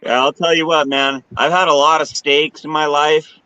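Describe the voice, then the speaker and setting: A man's voice: a little high, little pitch movement, moderate pace, sharp tone, lo-fi sound. A man in casual chat, telling stories with enthusiasm and plenty of swearing. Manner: profane, enthusiastic storytelling.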